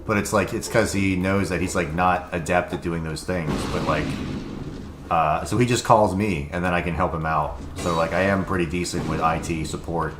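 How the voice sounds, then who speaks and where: Low-voiced young man rambling on a game stream. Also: fairly even intonation, moderate pace, over music. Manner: rambling, profane, lots of filler words. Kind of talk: casual gaming livestream chat. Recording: echoey room with faint background noise.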